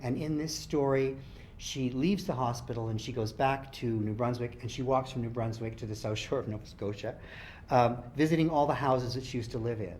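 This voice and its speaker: A man's voice: medium pitch, brisk, darkish tone, a little hiss or hum. Hesitant man introducing his novel. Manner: hesitant, lots of ums and restarts. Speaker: author. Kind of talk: author reading and talk.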